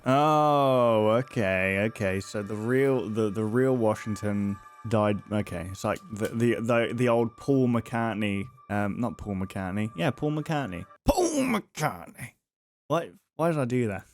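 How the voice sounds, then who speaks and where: A man's voice: lowish voice, unhurried, few pauses, faint music behind. A man hosting a reaction video, chatting casually with playful, self-mocking asides.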